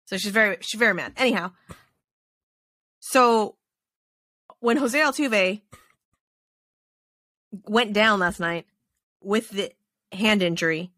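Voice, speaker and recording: A woman hosting a podcast from her home desk, chatting casually and animatedly, with plenty of swearing and quick asides. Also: medium pitch, fairly bright tone, no room sound. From Texas. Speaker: podcast host. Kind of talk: casual chat. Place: home desk with snoring dogs.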